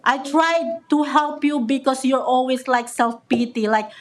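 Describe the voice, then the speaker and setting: Giving public comment from a council chamber podium, a woman speaks in a high voice, unhurried and with few pauses. Her tone is angry and accusatory, and she stumbles over and repeats words.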